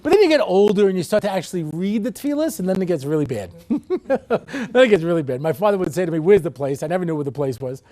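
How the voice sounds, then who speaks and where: A man in his sixties giving a humorous lecture as a rabbi, telling wry, animated stories with comic voices. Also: high voice, fast talker.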